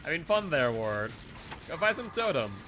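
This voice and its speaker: A man giving live commentary while playing a game, excitable and quick to laugh, jumping to shouts when startled. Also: on the high side, noisy background. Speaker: game streamer.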